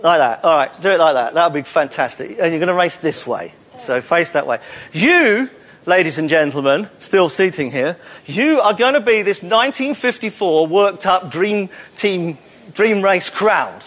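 Guy with a pretty high voice joking around with a hall crowd, teasing volunteers up onto the stage. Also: lively intonation, moderate pace, fairly bright tone. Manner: teasing, jokey, coaxing volunteers. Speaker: presenter leading audience participation. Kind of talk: playful live audience talk. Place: stage in a hall before an audience.

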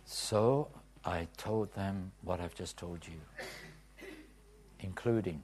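A man preaching a testimony in a sermon, swinging from hushed whispers to loud cries. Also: sits low, takes it slowly, slight background noise. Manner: dramatic swings from whispers to shouts.

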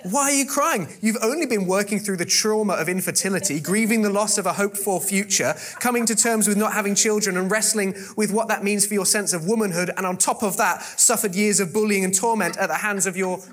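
A man's voice: high-pitched, brisk, few pauses, fairly bright tone, voice pushed up. A male preacher putting on the voice of a clueless ancient husband, with exaggerated, mock-innocent questioning.

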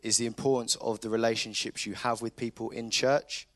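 A man's voice: mid-range voice, flat delivery, fairly quick, fairly bright tone, no echo. A young man speaking earnestly and a little hesitantly at a church service. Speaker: youth group member giving testimony.

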